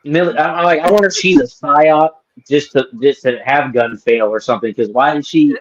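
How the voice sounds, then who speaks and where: A man joining a livestream chat, rambling and halting with lots of fillers. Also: fairly high pitch, lo-fi sound. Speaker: co-host guest. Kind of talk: casual chat.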